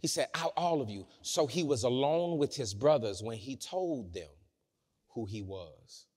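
A man preaching a sermon in a church, swinging between loud shouting and low, hushed talk. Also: expressive, measured pace, slightly rough. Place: church sanctuary. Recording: church hall reverb.

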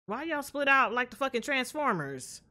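A young woman reacting to a show from her home setup, her voice leaping all over as she shouts profane advice at the characters. She talks casually and loudly, close to a desk mic. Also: high voice, normal speed, music in the background. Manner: loud, profane, animated trash talk at the screen. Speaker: reaction video host.

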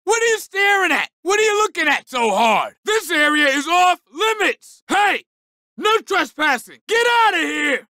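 A man's voice: very high voice, vocal fry, bright, forceful tone, no echo, studio quality, heavily acted. A man voicing a short-tempered male police officer in a video game, barking insults and orders. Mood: confrontational.

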